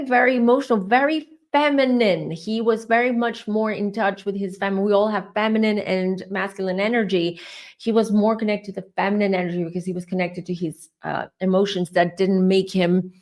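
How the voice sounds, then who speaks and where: A woman's voice: medium pitch, normal speed. A middle-aged woman doing a live tarot reading, talking in a rambling, chatty and openly emotional way. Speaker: tarot reader.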